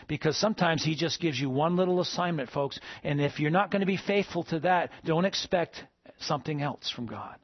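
Emphatic male preacher, slightly high voice. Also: a little fast, slightly rough, no echo, dull audio. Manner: preachy, rising to emphatic peaks then dropping soft. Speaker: pastor. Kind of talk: sermon.

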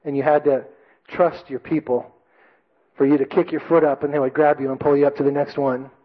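A man's voice: a little high, a little fast. Man telling a sermon story. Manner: animated storytelling, shouting quoted drill sergeant. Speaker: preacher. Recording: dull lo-fi recording.

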